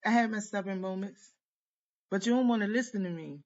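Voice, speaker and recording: Woman tarot reader, mid-pitched, ranting hot and profane to camera, dull lo-fi sound. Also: brisk, darkish tone. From United States. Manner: heated, profane, rambling rant. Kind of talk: venting monologue to camera.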